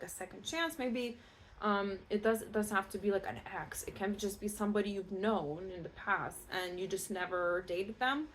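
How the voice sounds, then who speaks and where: A Scottish woman giving a casual pick-a-card tarot reading, chatty and reassuring, with many fillers and restarts. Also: mid-range voice. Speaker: tarot reader.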